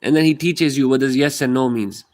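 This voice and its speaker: A man's voice: medium pitch, a little fast, darkish tone. Male streamer with a mid-range voice, casually walking viewers through basic Arabic, repeats phrases and jokes about himself. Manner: repeats phrases, chatty, self-deprecating asides. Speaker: live stream host.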